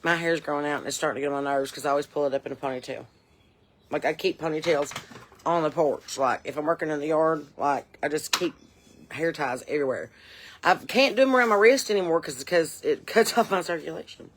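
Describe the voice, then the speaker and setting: A woman's voice: sits low, fairly quick, a little hiss or hum. A woman in her forties playing a chatty, folksy mom, rambling on her porch with a drawl. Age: 40s. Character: chatty middle-aged Southern porch mom, nosy and folksy. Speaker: comedy character host. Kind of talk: improvised character monologue. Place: on a porch outdoors.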